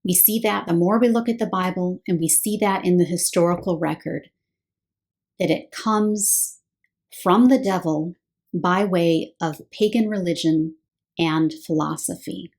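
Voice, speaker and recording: Woman Bible teacher, lowish voice, methodical explainer, rhetorical questions. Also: unhurried, darkish tone. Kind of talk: scripted teaching monologue.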